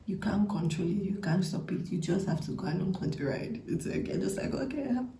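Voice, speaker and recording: Woman tarot reader, intimate half-whisper, gravelly low-toned voice, echoey room with faint hiss. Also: fairly even intonation, fairly quick, dark tone. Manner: breathy half-whispered delivery, playful, chatty with many likes. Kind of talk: intuitive reading to camera.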